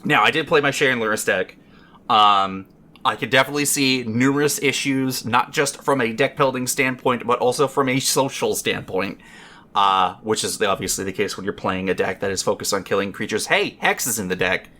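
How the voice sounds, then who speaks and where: Bright-voiced man telling a rambling story. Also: mid-range voice, fairly quick. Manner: profane, rambling, full of fillers. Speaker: podcast panelist. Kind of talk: casual storytelling chat.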